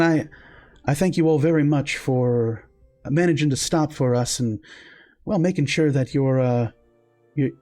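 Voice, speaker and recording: A man's voice: mid-range voice, dark tone, close to an everyday voice. A man doing a polite weathered hunter. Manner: courteous, rambling, halting speech.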